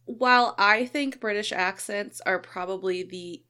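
American woman, 30s, crisp bright tone, lively storyteller. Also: mid-range voice, unhurried. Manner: animated storytelling with laughter. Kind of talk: casual chat.

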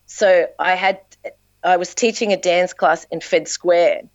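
Lively Australian woman telling stories. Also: on the low side, a little slow, no room sound, dull audio. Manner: animated storyteller, acts out quotes. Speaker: dance teacher and performer. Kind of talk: casual podcast chat.

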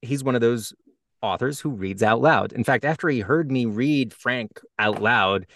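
A man's voice: medium pitch, normal speed, a bit bright. A man who is an audiobook narrator and author, talking as a guest in a podcast interview and explaining things in a thoughtful, reflective way.

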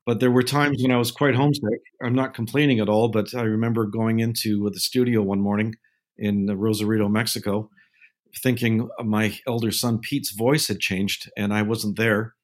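An older man, a guest film advisor, telling anecdotes in a measured way with frequent filler pauses. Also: lowish voice, fairly even intonation. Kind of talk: casual storytelling interview.

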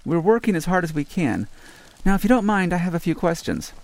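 A man voicing a brisk, wry, teasing female investigator in an audiobook. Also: high-pitched, expressive, pitched above the performer's own voice.

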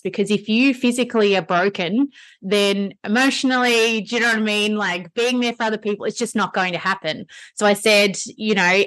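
A woman's voice: medium pitch, a little fast, fairly bright tone, no room sound. A woman podcast host who teaches classes, explaining in earnest, rambling casual chat.

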